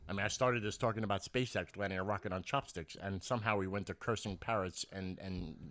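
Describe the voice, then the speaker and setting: A man's voice: low voice, fast talker. A man with a New York accent co-hosting a podcast, chatting casually and telling stories with lots of laughter. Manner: animated storytelling, laughs often, slips into put-on accents. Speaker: podcast co-host. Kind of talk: casual chat. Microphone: podcast mic.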